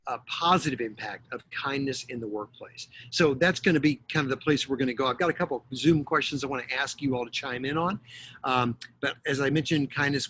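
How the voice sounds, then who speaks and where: A middle-aged man from Texas lecturing over a video call, his voice sitting in a middle pitch. He keeps it chatty and jokey, full of "uh"s. A faint noise runs underneath. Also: a bit bright. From Texas, USA. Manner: chatty and jokey, many fillers. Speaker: guest lecturer. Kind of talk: joking online lecture.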